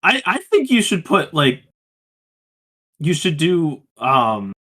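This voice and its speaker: A man's voice: fairly high pitch, big pitch swings, takes it slowly, pushed and bright. A man co-hosting a podcast in casual chat over a voice call, enthusiastic and full of fillers. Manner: enthusiastic, hype-driven, filler-heavy. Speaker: podcast co-host.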